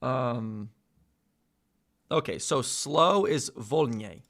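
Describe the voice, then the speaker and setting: A young man talks to himself in a casual study session, with a bright, forward tone. He drawls at an unhurried pace, stopping often to sound out unfamiliar words slowly and to correct himself mid-thought. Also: mid-range voice, animated, creaky. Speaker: vlogger learning a language.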